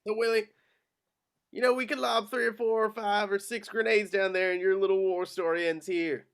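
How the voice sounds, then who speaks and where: A man's voice: sits high, steady tone, normal speed, creaky, fairly bright tone, clean tone. A man reading the part of a brash American officer in an amateur script reading, drawling and coaxing.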